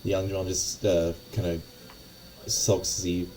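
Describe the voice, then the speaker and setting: A man's voice: low voice, little pitch movement, moderate pace, noisy background. A man narrating as game master of a tabletop game, rambling with lots of fillers and restarts.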